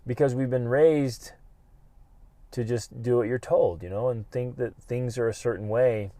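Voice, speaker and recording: A middle-aged man hosting a podcast, giving an animated, emphatic motivational talk and acting out his own inner voice. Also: medium pitch, measured pace, no echo. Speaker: podcast host.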